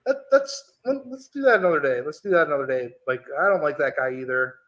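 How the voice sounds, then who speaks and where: Higher voiced guy hosting a stream, playful, pokes at guests, bouncy pitch. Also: expressive, fairly bright tone, dull audio. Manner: quick prodding questions, playful. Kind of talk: casual stream chat.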